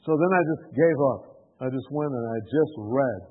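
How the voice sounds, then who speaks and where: A middle-aged man preaching, telling a story in an animated way and laughing often. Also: medium pitch, normal speed, husky. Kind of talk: sermon storytelling. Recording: tinny phone-like sound in a reverberant hall, radio broadcast.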